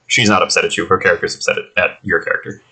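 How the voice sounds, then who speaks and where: A man running a tabletop game as game master, easygoing and chatty, often laughing and filling pauses with "uh" and "um". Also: low voice, steady tone, a crowd in the background, rough recording. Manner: easygoing, laughing, filler-heavy. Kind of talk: casual tabletop game narration.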